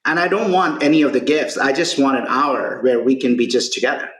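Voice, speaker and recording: A man's voice: medium pitch, a little fast, echoey room, lightly acted, poor audio. A man quoting a shy five-year-old boy who hesitantly asks his busy father for time, in a retold story. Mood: pleading. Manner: quiet, hesitant asking.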